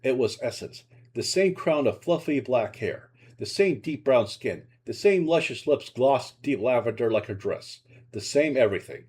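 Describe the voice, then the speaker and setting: Man reading his story with lively pitch. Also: moderate pace, slightly rough. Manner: expressive, dramatic narration.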